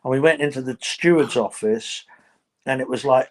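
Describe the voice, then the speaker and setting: A man who is a former racing driver, chatting casually as a podcast guest, animated and exasperated, often restarting his sentences. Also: mid-range voice, normal speed.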